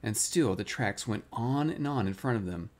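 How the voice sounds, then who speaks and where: A man reading a bedtime storybook aloud in a gentle, relaxing way. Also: fairly low pitch, animated, normal speed. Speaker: storybook reader.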